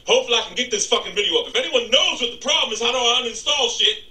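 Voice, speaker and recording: A man ranting angrily and profanely about his computer troubles in a casual vlog, with shouted outbursts. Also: very high-pitched, racing, recorded from a distance. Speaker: gaming YouTuber. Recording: echoey room, off the mic.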